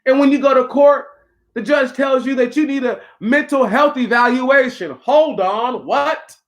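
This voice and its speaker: Brief: male talk host, higher-pitched voice, preachy casual monologue, slangy asides to listeners. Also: measured pace. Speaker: podcast host.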